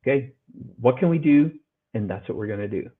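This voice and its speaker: A middle-aged man, guesting on a podcast, speaks with animation at medium pitch, fairly quickly, with a breathy edge. Earnest throughout, he relives a tough story and performs the dialogue in raised voices, the audio sounding phone-like.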